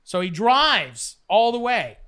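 A man's voice: very high voice, very animated, slow pace, sharp tone, clear, resonant tone. A man telling a long, profane story in casual chat, acting out the quotes along the way. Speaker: storyteller guest. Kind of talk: casual storytelling while playing cards.

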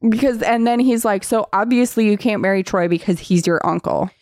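A woman's voice: medium pitch, a little fast, a little mellow, no echo, clean studio sound. A woman in casual chat recapping a book, sarcastic and swearing freely as she acts out the characters' lines.

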